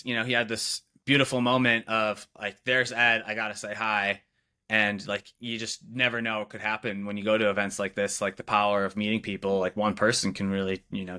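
Bright-voiced young man telling stories. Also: lowish voice. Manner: relaxed, lots of "like" and "you know" fillers. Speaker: videographer, podcast co-host. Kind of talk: casual storytelling chat.

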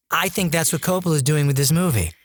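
A man co-hosting a podcast, chatting casually in a playful, teasing way. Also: on the high side. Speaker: podcast co-host. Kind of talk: casual chat.

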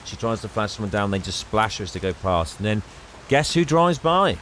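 An English man co-hosting a casual podcast, retelling a story and putting on quick voices for the characters' lines. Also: on the low side, very animated, background noise. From England. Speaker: podcast co-host. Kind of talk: casual chat retelling a film plot.

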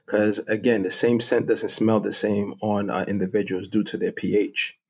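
A middle-aged man with a low voice talks as an interview guest, explaining his topic eagerly. He laughs often and keeps a relaxed, chatty flow. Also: normal speed, a little hiss or hum. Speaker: guest fragrance connoisseur. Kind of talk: casual interview.

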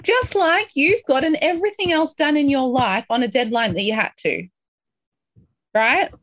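A woman coaching a group on a call, upbeat and encouraging, talking through feelings and sometimes acting out excitement. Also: sits high, normal speed, dry recording. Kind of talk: motivational coaching talk.

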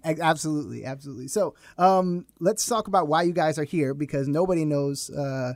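Joking podcast host, slightly high voice. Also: male voice, fairly quick, dry recording, clean studio sound. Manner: joking, easygoing, laughs often. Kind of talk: casual chat. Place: small crowded studio.

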